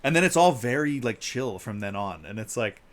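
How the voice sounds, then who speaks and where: A man co-hosting a livestreamed podcast in a casual chat, lively, acting out quoted lines in a raised voice. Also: normal speed. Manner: animated, acts out quotes in a higher voice. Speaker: podcast co-host. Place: live-streamed podcast.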